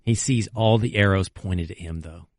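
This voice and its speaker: A man hosting a sports talk radio show in a studio, ranting in mock outrage with loud exclamations. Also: sits low, moderate pace, dry recording. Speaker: radio host. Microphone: close studio mic.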